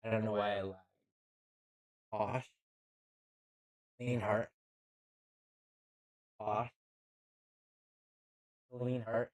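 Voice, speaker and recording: A man giving casual live play-by-play commentary on a football match into a handheld mic, halting and often unsure of player names. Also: fairly low pitch, flat delivery, low-quality recording. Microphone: handheld microphone.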